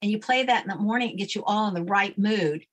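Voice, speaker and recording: A woman's voice: medium pitch, fast. A woman guest explaining a daily routine step by step in a firm, instructive way during a casual interview. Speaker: guest, name expert.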